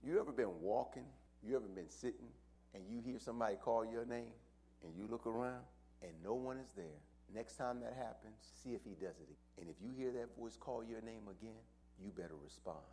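A male preacher delivering a sermon and addressing his congregation directly, swinging dramatically between loud cries and near-whispers. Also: fairly low pitch, brisk, husky.

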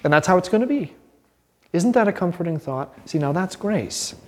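A man with a slightly high voice teaches an informal Bible class, earnest and animated. He breaks into little acted-out quotes and restarts his sentences as he goes. The sound rings with a long hall reverb. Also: normal speed.

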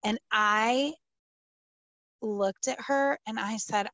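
A woman pastor answering interview questions, telling a story in an animated, emphatic, casual way with many fillers. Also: fairly high pitch, slow, pauses often, dry recording.

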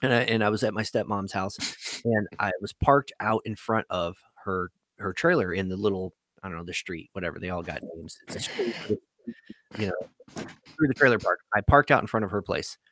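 A man's voice: on the low side, brisk, a bit bright, no room sound. Profane, rambling male storyteller. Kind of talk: casual chat.

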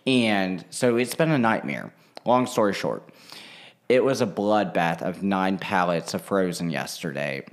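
A young man chatting casually, telling a work story in an animated, profane way and acting out what people said. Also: low voice, measured pace. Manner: animated, swears freely, slips into quoting people.

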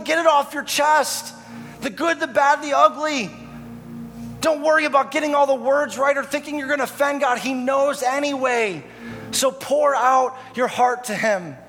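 High-voiced impassioned male preacher. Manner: impassioned, swings from hushed to loud. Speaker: pastor. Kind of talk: sermon. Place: church. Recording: reverberant hall with soft music.

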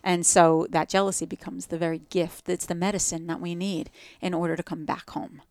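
Woman with a New Jersey accent, podcast guest, smooth and resonant tone, dry close sound. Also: lowish voice, level tone, fairly quick, darkish tone, no echo. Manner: reflective, spiritual, talks in metaphors. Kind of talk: casual podcast conversation.

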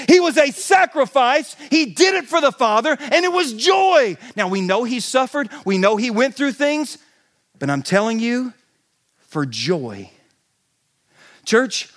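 Male pastor, high-pitched, lively sermon storyteller who shouts for effect. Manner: animated storytelling, shouting in bursts.

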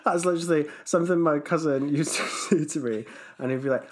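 A young man, chatting casually on a podcast, animated and teasing and quick to laugh. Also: fairly high pitch, slight background noise. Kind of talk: casual chat.

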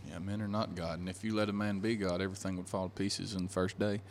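Man, casual religious discussion, animated, acts out quotes. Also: low voice, fast. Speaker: podcast co-host.

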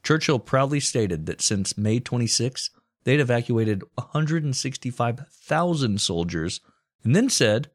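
A man's voice: medium pitch, animated, measured pace. A man co-hosting a comedy podcast, narrating war history in a casual, profane, joking way. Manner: storytelling with crude jokes and profanity.

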